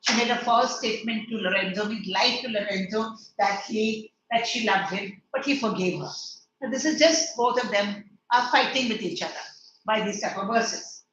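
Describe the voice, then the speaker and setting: A woman English teacher with a mid-range voice and a fairly bright tone works through a play line by line in an online class at a moderate pace, paraphrasing each verse and quizzing her students. The lecture sounds echoey, distant and lo-fi, with a little hiss or hum.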